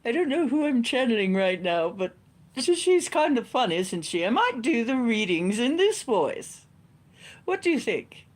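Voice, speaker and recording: A woman's voice: on the high side, very animated, a little slow, pitched above the performer's own voice. A woman putting on the voice of a prim, posh schoolmistress, with lofty, theatrical, sing-song delivery. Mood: grand, amused. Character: prim, posh female schoolmistress, grandly amused.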